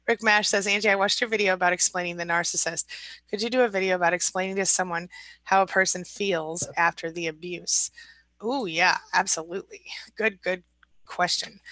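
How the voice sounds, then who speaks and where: A woman hosts a casual live stream, reading out viewer comments and answering them with encouragement. Her voice sits a little low but comes across bright and forceful. The sound is close and dry, with almost no room in it. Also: gravelly, dry recording, rough recording. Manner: chatty and supportive, reads comments aloud then responds. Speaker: live-stream host and recovery coach.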